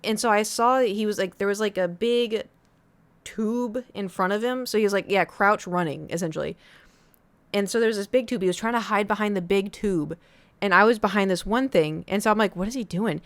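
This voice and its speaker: Animated young woman telling a story. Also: fairly quick, dry recording. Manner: animated, acts out other people's lines in a high voice. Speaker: streamer. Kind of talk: casual storytelling to chat.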